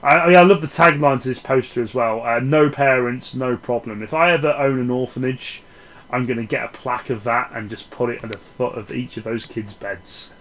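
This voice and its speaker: A man's voice: mid-range voice, fairly quick, a bit bright, poor audio. Rambling, sweary man. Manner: rambling, sarcastic and sweary, with many restarts. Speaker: film reviewer. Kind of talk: casual spoken film review.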